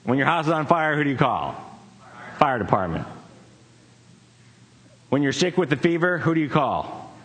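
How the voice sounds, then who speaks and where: A man preaching, telling a personal story in a casual, conversational way with fillers and quick laughs. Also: on the high side, very animated, a bit bright, in a large hall. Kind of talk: sermon story.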